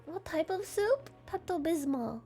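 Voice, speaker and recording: A woman's voice: very high-pitched, expressive, a little slow, faint music behind. A woman streamer in casual chat, giggly and rambling, with lots of "like" fillers.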